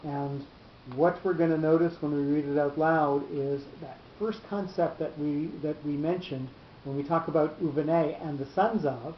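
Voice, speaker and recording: A man teaching a cantillation class, explaining slowly with long pauses. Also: fairly high pitch, fairly even intonation, a little hiss or hum. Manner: patient, explanatory, drawn-out pauses. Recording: echoey room, muffled lo-fi sound.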